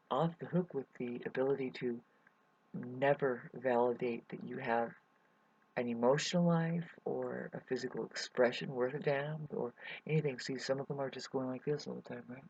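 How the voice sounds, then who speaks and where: A man's voice: medium pitch, fairly even intonation, moderate pace, darkish tone, husky, no echo. A man rambling through a hesitant personal update to his viewers, full of fillers and restarts. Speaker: vlogger. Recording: dull lo-fi recording.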